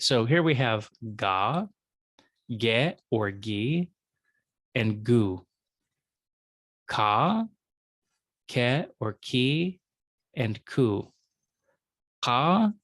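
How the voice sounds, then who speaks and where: A man's fairly bright, mid-range voice comes through with no echo as he gives a recorded lecture as a professor. He sounds out each syllable separately and explains it to students, speaking explanatorily with fillers and asides to the student.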